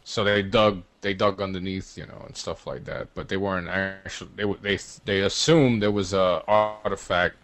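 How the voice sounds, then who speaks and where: A man's voice: sits low, steady tone, normal speed, few pauses, a bit bright, dry recording. A man guest co-hosting a casual gaming podcast, rambling and repeating words as he hunts for what to say. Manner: rambling, repeats words while searching for them. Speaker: guest co-host.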